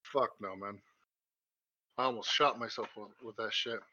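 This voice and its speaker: A man's voice: fairly low pitch, fairly even intonation, moderate pace, pushed and bright, slightly rough, no echo. A young man co-hosting a podcast, rambling through crude stories with lots of swearing and laughter. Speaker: podcast co-host. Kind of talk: casual chat. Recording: muffled lo-fi recording.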